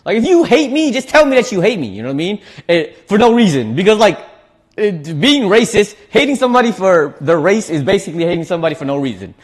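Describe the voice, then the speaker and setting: Male streamer, loose talky read, slightly high voice, laughs and restarts often. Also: very animated, quick pace. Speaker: streamer reading chat. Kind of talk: casual cooking livestream chat.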